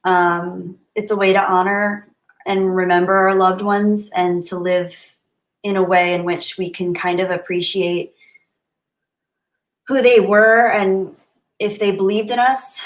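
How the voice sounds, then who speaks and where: A woman's voice: on the low side, roomy sound. A young woman live-streaming, reading viewer comments aloud and thanking them, sometimes getting emotional. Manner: warm, grateful, softly emotional.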